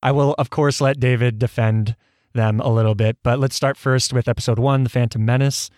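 A man's voice: mid-range voice, steady tone, fairly quick, a little mellow, no echo, studio quality. A man hosting a casual podcast chat, blunt and crude, laughing often at his co-hosts. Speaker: podcast host.

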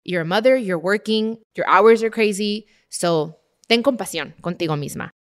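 A woman's voice: medium pitch, normal speed. A woman, hosting a casual advice chat and switching between English and Spanish. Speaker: host answering listener questions.

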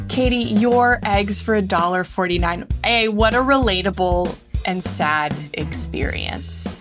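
A woman's voice: medium pitch, measured pace, music in the background. A woman co-hosting a podcast, reacting with enthusiasm. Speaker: podcast co-host. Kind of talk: casual chat.

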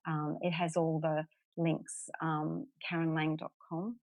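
A woman's voice: sits low, level tone, slow pace, darkish tone, no echo, low-quality recording. An Australian woman being interviewed as an author, chatting in a friendly way with lots of "um"s. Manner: friendly, laughs often, many fillers. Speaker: guest author. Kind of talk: casual interview chat.

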